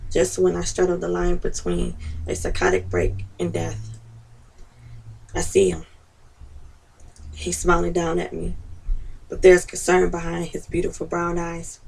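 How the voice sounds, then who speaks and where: A woman reading her own personal essay aloud, in a slow, measured first-person delivery. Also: on the low side, creaky, darkish tone, far from the mic, low-quality recording.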